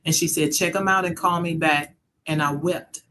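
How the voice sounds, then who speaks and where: A woman's voice: low voice, fairly even intonation, normal speed, noisy background. Earnest middle-aged woman telling a story. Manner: earnest, reflective, acts out quoted voices. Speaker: mother sharing her story. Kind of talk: casual conversation, storytelling.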